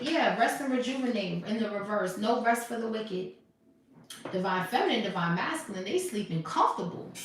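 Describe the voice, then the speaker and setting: A tarot reader with a fairly high voice does a live reading in a sassy, emphatic manner, laughing often. The room is very echoey, the mic is far off, and there's slight background noise.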